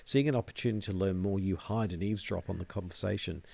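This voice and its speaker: A man co-hosting a board game podcast, chatty and quick to check his facts. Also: deep voice, creaky, darkish tone. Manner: chatty, laughs easily, asks for confirmation. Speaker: podcast co-host. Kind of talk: casual board game discussion.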